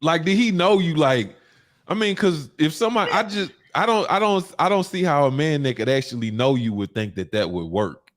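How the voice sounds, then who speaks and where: A man interviewing a guest in a casual chat, probing with drawn-out, restarted questions. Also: fairly high pitch, animated.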